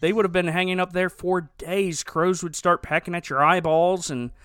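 Bright-voiced sarcastic podcast host. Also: male voice, high voice, steady tone, moderate pace, clean tone, no echo. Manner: sarcastic, joking, often laughing. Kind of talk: casual movie-review chat.

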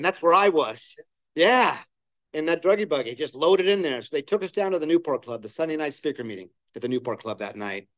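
A man speaking at a recovery meeting, telling his own story in a candid, plain-spoken way. He slips into the voices of people he quotes and then drops back to his easy, level delivery. His voice sits at an ordinary middle pitch. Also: poor audio. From Southern California. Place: meeting room.

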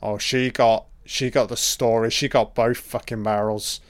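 A man talking over a film as it runs, reacting out loud, swearing freely and excitably. His voice is smooth and resonant at a middle pitch, and it sounds close and dry, with no room echo. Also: a little slow. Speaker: film commentator. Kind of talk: casual live reaction commentary.

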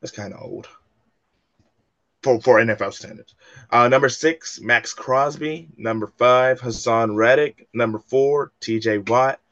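A college-age man talks through his picks in a relaxed podcast chat. He jokes around and plays up being defensive about his team. The sound is a little dull and lo-fi. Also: mid-range voice, unhurried. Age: young adult. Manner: jokey, playfully defensive. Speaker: co-host.

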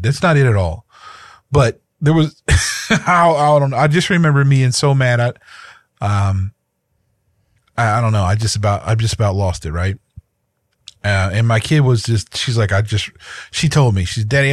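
This podcast co-host, a man in his thirties with a lowish voice, is recorded with no echo. He rambles through a personal story in casual chat, often restarting and repeating words.

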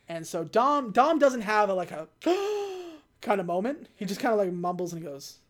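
Woman, mid-pitched, chatty podcast co-host who retells movie scenes with lively character bits. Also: moderate pace. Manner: animated storyteller, acts out characters' lines. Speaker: podcast co-host recapping a film. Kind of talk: casual chat.

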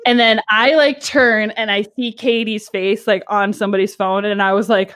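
A young woman in her twenties chatting on a podcast, her voice sitting a little high. She tells a story in an animated, giggly way, full of "like" and quick asides. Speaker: podcast co-host. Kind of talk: casual chat, storytelling.

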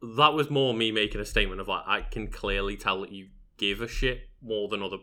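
A man's voice: on the low side, a little fast, bright, forceful tone. A man chatting casually on a podcast, reasoning aloud with many fillers. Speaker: channel editor, co-host.

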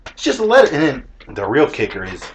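A man's voice: a little high, huge pitch swings, fast, slight background noise. A man co-hosting a casual podcast chat, joking and laughing often and jumping into mock voices. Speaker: podcast co-host.

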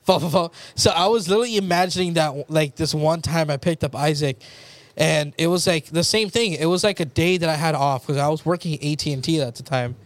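A man's voice: on the high side, brisk, no echo. Laid-back young guy co-hosting. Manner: laughing, chummy banter. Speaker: podcast co-host. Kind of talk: casual chat.

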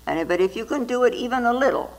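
A woman's voice: fairly high pitch, animated, fast talker, rough recording. A woman Zen teacher giving a dharma talk, telling stories and often adding little tag questions. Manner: storytelling with frequent tag questions.

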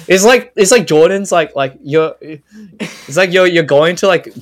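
A man's voice: high-pitched, slow. A man, co-hosting a casual podcast and making playful jokes. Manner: joking, playful comparisons. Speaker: podcast co-host. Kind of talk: casual chat.

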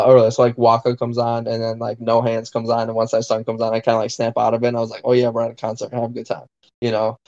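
Dude telling a crazy story, swears constantly, kinda dull lo-fi sound. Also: male voice, medium pitch. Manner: profane, excitable storyteller, lots of fillers. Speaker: podcast co-host. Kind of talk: casual storytelling chat.

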